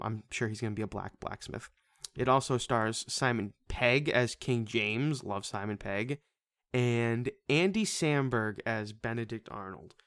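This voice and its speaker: A man co-hosting a casual movie podcast, excitable, swearing casually and laughing often. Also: medium pitch, no room sound. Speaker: podcast co-host. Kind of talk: casual movie-review chat.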